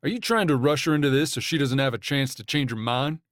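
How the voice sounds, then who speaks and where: A man's voice: mid-range voice, animated, quick pace, fairly bright tone, dry recording, studio quality, lightly acted. A man doing a brash young rancher. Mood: accusing. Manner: brash, accusing. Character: blunt hot-tempered young male rancher.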